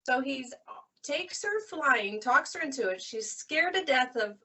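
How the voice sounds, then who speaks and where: A woman librarian chatting casually about books, retelling stories in an animated way. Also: high-pitched, a little slow, far from the mic. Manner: animated retelling, acts out characters' lines. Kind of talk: casual book recommendation chat.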